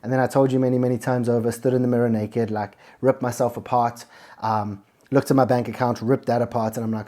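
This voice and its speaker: A man's voice: mid-range voice, little pitch movement, fairly quick, dark tone. Blunt, profane man giving motivational talk. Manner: blunt, heavily profane, emphatic. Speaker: podcast host. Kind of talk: motivational monologue.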